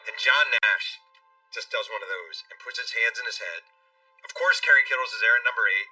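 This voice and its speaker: A man, an author guest on a talk show, telling a story at a brisk pace and acting out what people said. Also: mid-range voice, bright, forceful tone. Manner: brisk storyteller who acts out quotes. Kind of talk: interview storytelling. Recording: distant mic, faint music behind.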